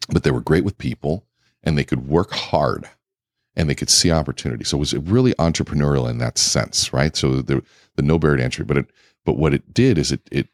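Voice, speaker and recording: A man guest in a casual interview, telling lively anecdotes full of quoted dialogue. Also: very deep voice, no echo, clean studio sound. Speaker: keynote speaker and guest.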